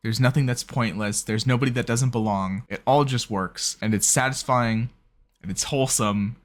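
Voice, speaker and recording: At normal speed and medium pitch, a man reacts to anime on his video channel. He's sincere and effusive in this casual commentary, prone to going on at length.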